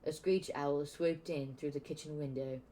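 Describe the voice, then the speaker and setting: A man's voice: a little high, fairly even intonation, normal speed, dark tone, low-quality recording. A man casually reading a novel aloud, often stumbling and restarting words. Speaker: audiobook reader. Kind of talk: casual amateur book reading.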